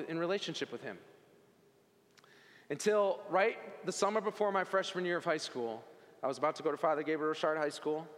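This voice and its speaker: A man with a somewhat high voice shares a personal faith testimony, earnest and conversational, tossing in casual asides to his listeners. His words ring out with a long reverb, as if spoken in a large hall. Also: a bit bright. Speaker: speaker giving a faith testimony. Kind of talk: personal testimony talk to an audience.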